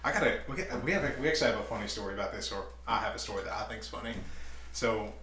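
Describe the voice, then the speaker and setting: A man's voice: on the low side, racing, a crowd in the background. A man co-hosting a casual wine tasting chat, teasing and playful. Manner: teasing, playful, laughs often. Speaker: co-host. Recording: echoey room with faint noise.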